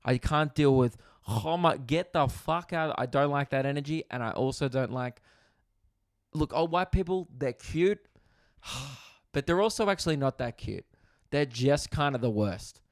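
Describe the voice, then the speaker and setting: A young man, a comedian hosting his podcast, telling a story in a casual, animated way, swearing freely and acting out other people's voices. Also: medium pitch, moderate pace, no echo, studio quality.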